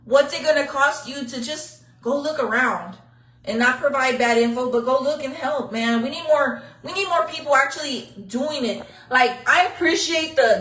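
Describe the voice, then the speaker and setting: A middle-aged woman runs a casual local news livestream, speaking bluntly and from the heart and swearing freely. Her voice is fairly high and fairly bright, recorded from a distance in an echoey space.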